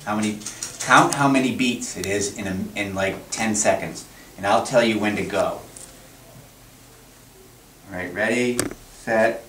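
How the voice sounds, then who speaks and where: A man's voice: on the low side, unhurried, pauses often, a bit bright, slight background noise. A man working as a veterinarian, giving a class a patient, encouraging hands-on demonstration. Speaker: veterinarian teaching children. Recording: echoey classroom, camera from far.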